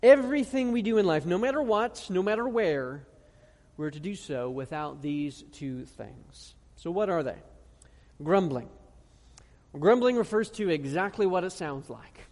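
A high-pitched male pastor delivers an earnest sermon, slowing to stress each phrase of scripture and putting questions to his listeners. His voice rings with the long reverb of a large church hall. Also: a little mellow. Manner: earnest preaching with rhetorical questions and slow emphatic scripture reading.

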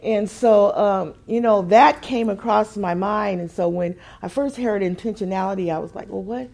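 A woman preaching a sermon, musing quietly at times and building to emphatic, repeated phrases at others. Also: medium pitch, normal speed.

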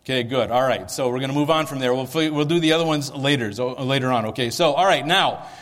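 A man preaching a sermon, playful and energetic as he leads the congregation in gestures. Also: mid-range voice. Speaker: pastor. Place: large hall, church sanctuary. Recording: long hall reverb.

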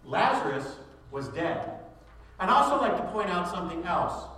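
A fervent male pastor preaching with a bright, forceful tone. His voice rings through a very echoey sanctuary, picked up from some distance away. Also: sits high, sing-song, moderate pace. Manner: fervent, rising to raised voice at climaxes. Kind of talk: sermon. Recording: echoey room heard from a distance.

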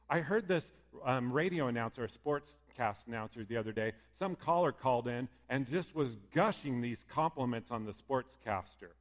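A man preaching a sermon in a conversational, lively way, often acting out what people might say. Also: on the high side, normal speed. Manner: lively, conversational, acts out quoted voices. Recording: long hall reverb.

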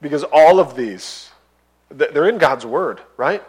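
A male pastor preaching a sermon. He reads scripture aloud between his remarks and builds to loud, impassioned pleading. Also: a little high, expressive, a little slow, slightly rough, low-quality recording.

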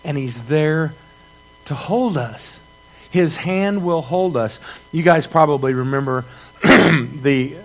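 A middle-aged man preaching a sermon, reading scripture and telling stories with rhetorical questions to his congregation. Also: medium pitch. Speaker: pastor.

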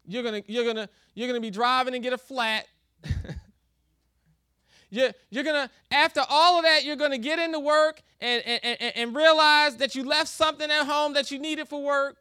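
A man preaching a sermon in a relaxed, conversational way, laughing often and acting out little quoted exchanges. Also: extremely high pitch, normal speed, dry recording, studio quality. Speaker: pastor.

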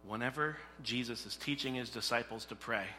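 Man, preacher; chatty sermon with questions to the room, very bright piercing tone, big hall reverb. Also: medium pitch, fairly quick, a little hiss or hum. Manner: conversational, asks the congregation questions. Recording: echoey hall.

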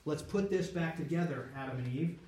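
A male Bible teacher with a fairly high, mellow voice leads a conversational study, posing rhetorical questions and checking in with listeners while restarting and correcting himself mid-sentence. He speaks fairly quickly. He is far from the mic in a very echoey room, with slight background noise.

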